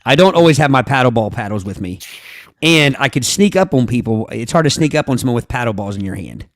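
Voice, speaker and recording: A man's voice: medium pitch, animated, fast talker, dry recording, studio quality. A man co-hosting a comedy podcast, bantering playfully and giggling. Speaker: podcast co-host. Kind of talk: casual chat.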